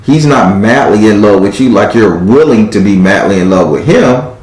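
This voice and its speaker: A man's voice: fairly low pitch, normal speed. Blunt, profane man reading tarot, echoey. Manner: blunt, profane, animated, acts out quoted lines. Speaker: tarot card reader. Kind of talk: live-stream tarot reading, blunt advice.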